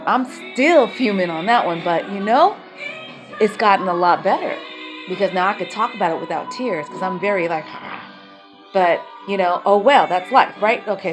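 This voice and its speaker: A woman telling her own life story as a mother, emotional and rambling, speaking bluntly and swearing. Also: medium pitch.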